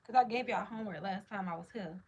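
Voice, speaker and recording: A woman's voice: mid-range voice, fast, slightly rough. A woman hosting a livestream, chatting in a hyped, slangy, casual way while answering comments. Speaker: livestream host.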